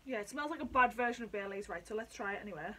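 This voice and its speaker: A woman chatting excitably at home in a casual vlog, sweary and talkative. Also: on the high side, racing, rough recording. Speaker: vlogger reviewing drinks. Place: at home indoors.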